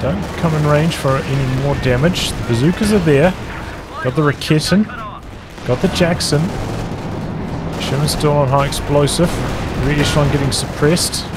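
A man giving rapid play-by-play commentary on a strategy game as its caster, with exasperated outbursts. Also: fairly high pitch, over loud music. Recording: noisy game audio underneath. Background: game sounds: gunfire, artillery, vehicles.

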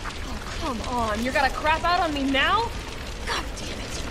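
A woman's voice: sits high, animated, unhurried, a little hiss or hum, heavily acted. An actress playing a tough young woman game heroine, terse and determined, heard through game audio. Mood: frustrated. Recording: game audio under loud music.

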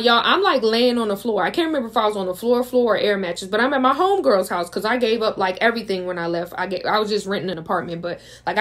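A woman's voice: on the high side, fairly bright tone. A young adult woman from the United States, telling a dramatic storytime in a chatty way and talking straight to her viewers. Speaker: vlogger. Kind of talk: casual storytime.

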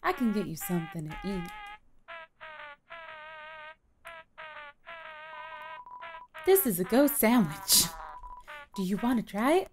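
A woman voicing a sad, shy, timid ghost in a video game, speaking quietly and hesitantly and apologizing often. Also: medium pitch, big pitch swings, moderate pace, natural voice. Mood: gloomy.

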